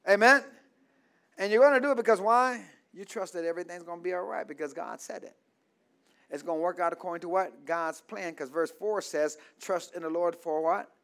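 A high-voiced man preaches a call-and-response sermon to his church. He stops mid-line for the congregation to fill in the word, then repeats key phrases. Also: brisk, creaky, a bit bright. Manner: asks the congregation to fill in words, repeats lines. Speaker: pastor.

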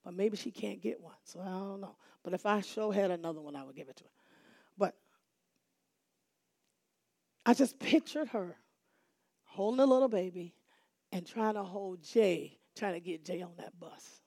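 Lively woman telling a testimony with gravelly voice. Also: medium pitch, normal speed, dry recording, studio quality. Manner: lively, dramatic, addresses audience as y'all. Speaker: church speaker giving a testimony. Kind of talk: animated testimony storytelling.

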